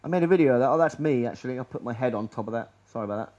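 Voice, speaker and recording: A man giving a public presentation in a lecture room, rambling and sardonic, often trailing off quietly. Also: medium pitch, animated, racing, highs cut off.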